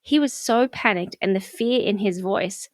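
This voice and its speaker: A woman's voice: mid-range voice, normal speed, no room sound, studio quality. A woman, co-hosting a podcast and telling a story in casual chat, acting out quotes and swearing freely. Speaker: podcast co-host.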